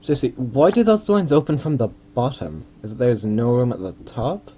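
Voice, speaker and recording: Mellow-voiced man rambling over gameplay. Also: medium pitch, expressive, moderate pace, slight background noise. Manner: rambling, self-deprecating, thinking aloud. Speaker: gaming video host. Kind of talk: casual gameplay commentary.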